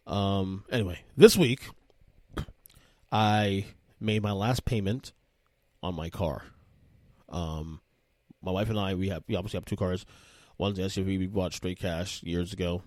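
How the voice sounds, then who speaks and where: Male podcast host, thirties, casual and animated storyteller, dry recording. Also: sits low, dry recording. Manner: rambling, animated, with frequent restarts.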